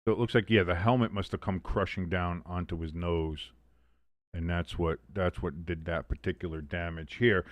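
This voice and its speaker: A man's voice: sits low, fairly even intonation, moderate pace, no room sound, clean studio sound. A man hosting a live football watch-along. He calls plays, reads chat and drops exasperated, swearing asides in casual commentary. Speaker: host of a live sports watch-along stream.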